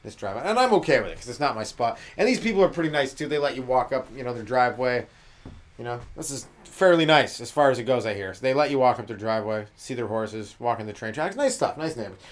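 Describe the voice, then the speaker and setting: A male comedian riffs alone on his podcast, loose and profane, ambling from one tangent to the next. His voice sits in an ordinary middle pitch, and he slips into quick mocking impressions of the people he talks about. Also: expressive. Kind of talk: rambling solo comedy monologue.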